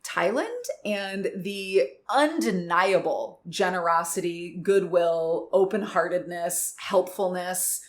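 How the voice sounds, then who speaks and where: A young adult woman co-hosting a podcast, telling a story in casual chat, animated and laughing, acting out quotes with big leaps in her voice. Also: fairly low pitch. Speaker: podcast co-host.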